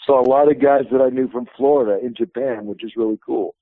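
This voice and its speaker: A man's voice: medium pitch, fairly even intonation, fast talker, no echo. A man in his fifties, a wrestling promotion president, telling rambling stories as a guest in a phone interview. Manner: rambling anecdotal storyteller. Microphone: telephone. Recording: tinny phone line.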